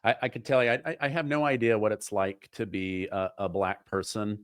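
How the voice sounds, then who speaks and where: A man hosting a political talk show, asking questions in an animated way and acting out the voices he quotes. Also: on the low side, a little fast, clear, resonant tone, no room sound, studio quality. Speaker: host.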